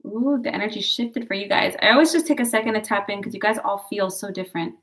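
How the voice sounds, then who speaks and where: Speaking to camera, a woman does a loose, chatty tarot and horoscope reading at a fast clip. Her medium-pitched voice is bright and crisp, and she encourages viewers, addresses them as "guys," and drifts into little asides.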